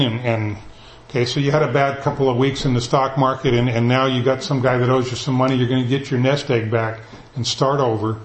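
A male pastor giving a conversational, animated sermon, retelling scripture in everyday language. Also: mid-range voice, fast, echoey room, a little hiss or hum, rough recording. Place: church sanctuary.

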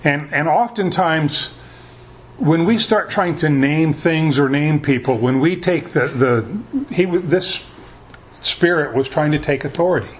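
A man's voice: a little high, unhurried, dull audio. A man preaching a sermon as pastor, talking in a conversational way and often repeating words as he restarts.

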